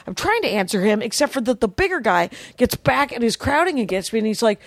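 A woman with a high voice tells a story on her podcast, animatedly acting out each person she quotes. The sound is dry and close, with no room around it. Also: very animated, fast talker, few pauses, dry recording. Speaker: podcast co-host. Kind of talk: casual storytelling chat. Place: podcast studio.

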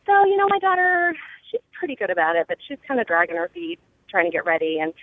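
A woman calling in to share a parenting story, telling it in a lively, animated way. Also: mid-range voice, dry recording, phone-quality sound. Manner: animated storyteller, bursts into a fast singsong auctioneer patter. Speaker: caller. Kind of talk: phoned-in voice message.

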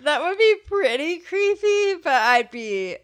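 A woman's voice: high voice, sing-song, measured pace. A woman co-hosting a podcast, chatting casually in an easygoing way into a close mic. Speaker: podcast co-host. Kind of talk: casual chat.

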